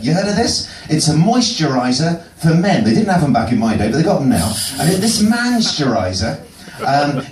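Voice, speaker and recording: A man's voice: fairly high pitch, sing-song, normal speed, few pauses. A man doing a topical stand-up set in a pub, dry and self-deprecating, often chuckling at himself. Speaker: stand-up comedian. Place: pub comedy venue. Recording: roomy distant pub mic with noise.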